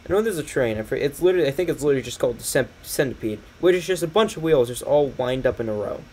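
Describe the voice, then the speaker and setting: A man's voice: medium pitch, animated, very fast, dark tone, slight background noise. A young man rambling through a train catalog on a stream, sarcastic and swearing a lot, laughing often. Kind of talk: casual commentary over a catalog.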